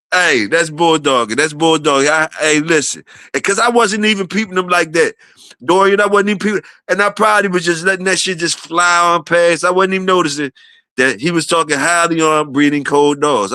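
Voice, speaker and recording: A man hosting a casual livestream, shouting out viewers and repeating his phrases. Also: on the high side, normal speed, no room sound, studio quality. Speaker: livestream host.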